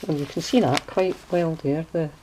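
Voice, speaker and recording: Low-voiced woman, chatty craft walkthrough. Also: moderate pace, slight background noise, poor audio. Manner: chatty and relaxed, hunting for words, correcting herself mid-sentence. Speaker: crafter showing her handmade journal.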